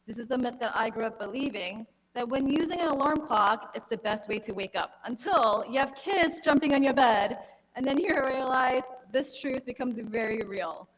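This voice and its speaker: A woman's voice: on the high side, normal speed, big-room sound, poor audio. A woman in her thirties, a gynecologic oncologist, giving a friendly, anecdotal health talk at a conference. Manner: friendly, anecdotal, conversational lecturing. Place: conference hall.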